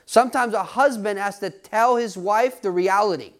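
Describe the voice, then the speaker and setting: Speaking at a moderate pace in a high-pitched voice, a male pastor preaches emphatically straight to his congregation. Questions to the listeners come often, and he laughs from time to time.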